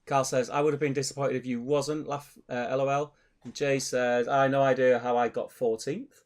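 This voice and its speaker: A man's voice: medium pitch, flat delivery, a little fast, a little mellow. A man, hosting a hobby livestream and reading out chat messages while joking with his co-host. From England. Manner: banter, reads out chat messages. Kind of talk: casual chat.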